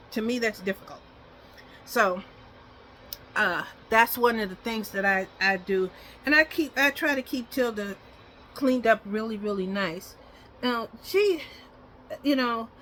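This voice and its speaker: Chatty woman with a bright voice. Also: on the high side, a little hiss or hum. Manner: chatty and rambling, coaxing baby talk to the dog. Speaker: dog owner vlogger. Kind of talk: casual home vlog, talking while grooming her dog.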